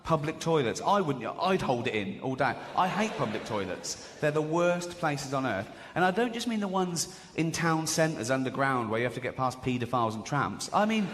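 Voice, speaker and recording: An English man doing a stand-up comedy set, swinging into high squeaky exclamations and quick impressions. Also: sing-song, a bit bright. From England. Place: large theatre stage before a laughing audience. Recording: live hall recording with audience noise.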